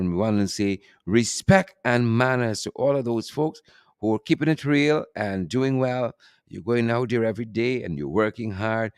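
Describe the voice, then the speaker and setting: A man's voice: mid-range voice, no echo, clean studio sound. A middle-aged Guyanese man hosting a casual live stream, teasing playfully, laughing often and reading out viewer names. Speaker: host.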